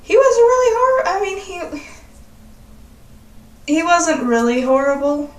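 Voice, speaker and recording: Sassy, slow-talking young woman in a roomy space. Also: very high voice, sing-song. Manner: sassy and profane, chatty. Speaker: vlogger. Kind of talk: casual confessional chat. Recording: roomy echo, distant from mic.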